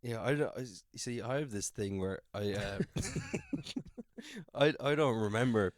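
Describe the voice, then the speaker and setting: A man's voice: lowish voice, normal speed, no room sound, studio quality. An Irish man co-hosting a podcast, chatting casually in short, laid-back replies and laughing often. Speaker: comedian podcast co-host. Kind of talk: casual chat.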